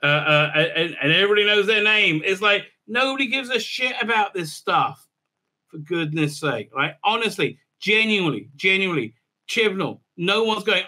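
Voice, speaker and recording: A man talks through a TV episode in a loose, off-the-cuff review, full of scorn and sarcasm. His voice sits a little high and has a strong, piercing brightness. He rambles and doubles back, mocking as he goes. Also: lively intonation, moderate pace. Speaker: show reviewer. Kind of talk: casual recap and review.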